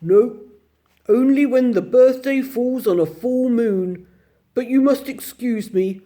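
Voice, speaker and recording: A woman putting on a gruff, courteous bear gatekeeper. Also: a little high, slow, mellow, pitched above the performer's own voice. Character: huge gruff male bear zoo gatekeeper, polite.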